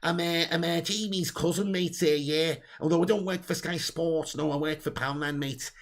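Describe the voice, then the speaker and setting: A man slips into a cheeky young Liverpool lad with a thick Scouse accent, rambling and chatty. The voice is a touch high and has a gravelly crackle, with "eh" and "mate" at every turn. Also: steady tone, normal speed, lightly acted. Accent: Scouse (put on). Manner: drops "eh" and "mate" constantly.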